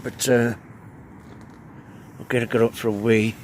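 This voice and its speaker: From inside a tent, a wild camping vlogger talks casually to his camera, rambling and chuckling between thoughts. His medium-pitched voice is level, a little slow, and somewhat dark, with faint wind and traffic noise behind it.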